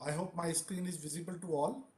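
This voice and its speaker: A man giving a formal plenary talk over a video call, speaking deliberately. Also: fairly high pitch, steady tone, a little mellow, echoey room, poor audio.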